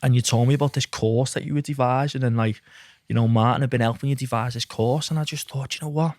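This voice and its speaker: A man's voice: medium pitch, fast talker, no echo. A middle-aged man tells stories on a podcast, calling the host "mate" and acting out what others said. His voice sits in a middle range, and the sound is dry and close with no room around it. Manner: lively anecdotes, acts out quotes, says mate a lot. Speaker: podcast guest, mindset coach. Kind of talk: casual storytelling chat.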